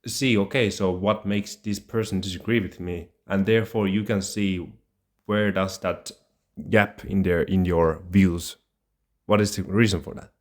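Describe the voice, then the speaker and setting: Low-voiced man musing on a podcast. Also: fairly even intonation, unhurried. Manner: rambling, with restarts and laughs. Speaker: podcast co-host. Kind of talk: casual chat.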